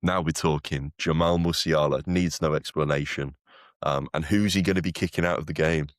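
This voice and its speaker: Very deep-voiced man, rambling football chat. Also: fairly even intonation, moderate pace, no echo, clean studio sound. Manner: rambling with many fillers and restarts. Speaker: podcast co-host.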